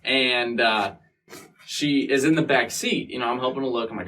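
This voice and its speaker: A man's voice: mid-range voice, steady tone, normal speed, sharp tone. A man casually telling a long story as an interview guest, swearing often and acting out what people said. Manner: profane, rambling, acts out quotes. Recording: distant mic with faint room noise.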